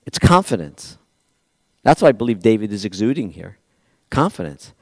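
A man preaching a sermon, swinging between loud pleading lines and quiet, hushed asides to the congregation. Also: fairly low pitch, sing-song, normal speed, no echo. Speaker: pastor.

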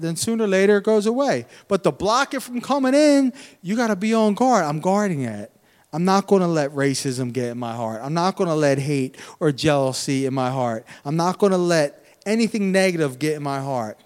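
A man preaching a sermon who swings between shouted exhortation and low, earnest teaching, repeating phrases and asking the congregation questions. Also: animated, fairly quick, long reverb tail.

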